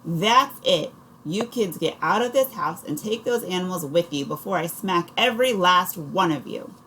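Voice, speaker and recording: A woman's voice: mid-range voice, moderate pace, a little hiss or hum, pitched above the performer's own voice, close to an everyday voice. A woman voicing an exasperated, short-tempered mother who scolds her children.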